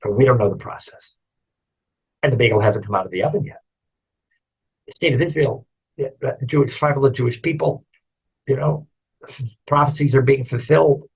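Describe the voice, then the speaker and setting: A man, a rabbi, giving a lively Torah lecture with jokey asides and repeated refrains. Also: medium pitch, a little fast, long pauses, slightly rough, low-quality recording. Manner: animated storytelling, jokey asides and repetition.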